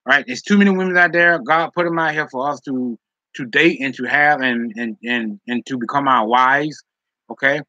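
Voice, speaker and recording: A man's voice: medium pitch, normal speed, bright, forceful tone, dry recording, dull audio. A man hosting a live stream, reading chat and giving dating advice in a preachy way, often tagging on "okay?" and "all right?".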